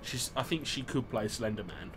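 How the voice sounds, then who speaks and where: A man's voice: mid-range voice, normal speed, background noise. A man with an English accent, chatting casually and joking with a friend on a gaming livestream, swearing and laughing often. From England. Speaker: livestream host. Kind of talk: casual gaming stream chat.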